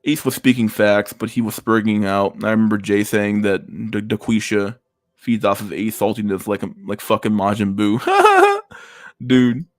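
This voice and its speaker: A man's voice: lowish voice, expressive, a little slow, dry recording. A man hosting a casual livestream, reacting to memes with crude slang-heavy banter. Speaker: livestream host.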